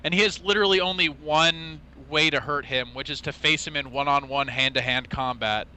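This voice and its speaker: A man's voice: on the high side, brisk, sharp tone, clear, resonant tone, poor audio. A young man co-hosting a casual gaming podcast, talking enthusiastically and rambling with lots of "like.". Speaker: podcast co-host. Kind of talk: casual chat.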